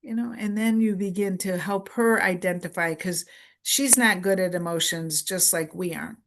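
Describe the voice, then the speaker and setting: A woman presenter giving a conference lecture in a deliberate way, repeating key phrases in short lists for emphasis. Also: on the low side, slight background noise. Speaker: workshop presenter.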